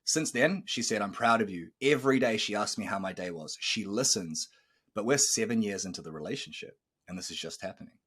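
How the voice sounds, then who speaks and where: His voice lowish and slightly rough, a man in his thirties talks fairly quickly while hosting a casual coaching podcast. He tells stories with animation, performs quoted dialogue, and curses.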